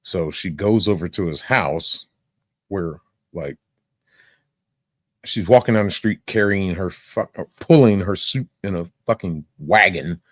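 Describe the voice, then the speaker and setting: A deep-voiced man giving loose, profane commentary, wandering between stories with filler noises and laughs. The sound is dry and close, with no room echo. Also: unhurried. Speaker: reaction streamer. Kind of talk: casual commentary.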